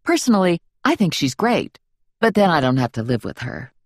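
Woman audiobook narrator, low voice, animated pitch, wry, playful, dry studio mic. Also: moderate pace, no echo. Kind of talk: first-person audiobook narration.

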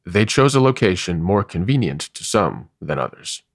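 A man reading a story aloud, measured and wry, with expressive delivery. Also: deep voice, dry recording, studio quality. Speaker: narrator.

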